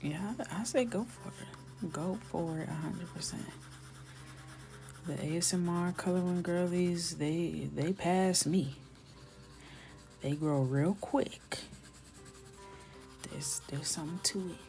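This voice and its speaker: A woman hosting a live coloring stream, talking casually and playfully while she colors, chatty and animated. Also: fairly low pitch, slow pace, long pauses, faint music behind.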